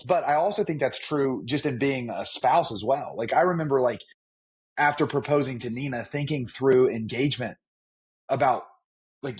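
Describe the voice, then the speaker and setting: A man in his thirties co-hosts a casual podcast. He has a husky, mid-pitched voice and muses reflectively, stammering a little at the start of his thoughts. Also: moderate pace. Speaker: podcast co-host. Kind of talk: casual chat.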